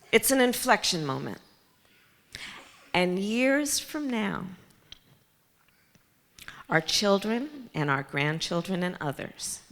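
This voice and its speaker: A woman's voice: fairly low pitch, a bit bright. A woman political candidate giving a campaign speech, rhetorical and repeating key phrases. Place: large community center hall before a crowd. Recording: reverberant hall with faint crowd.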